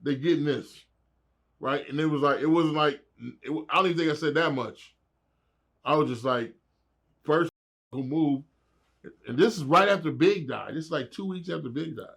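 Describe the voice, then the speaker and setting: A man's voice: fairly high pitch, normal speed, vocal fry, long pauses, fairly bright tone. A middle-aged man telling wild stories as a guest in a casual interview, laughing and acting out the voices of people he quotes.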